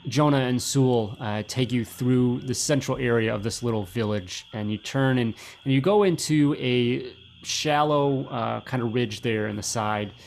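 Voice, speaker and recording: Gravelly-voiced man running a tabletop game. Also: medium pitch, normal speed, darkish tone, slight background noise. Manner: loose and descriptive, many fillers. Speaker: game master. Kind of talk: narrating a tabletop role-playing game.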